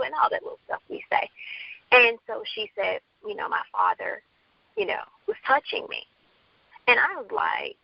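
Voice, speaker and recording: A woman's voice: fairly high pitch, wildly swooping pitch, fairly quick, gravelly, husky, no echo, highs cut off. A woman from the Bronx, an author guest, telling her story candidly in an interview and acting out quoted dialogue. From Bronx, New York.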